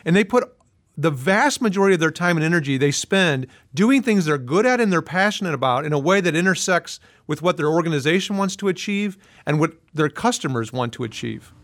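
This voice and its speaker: A man with a notably high-pitched voice answers interview questions as a management consultant. He explains earnestly and lays his points out one by one. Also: animated, brisk, fairly bright tone. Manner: earnest, list-driven explaining.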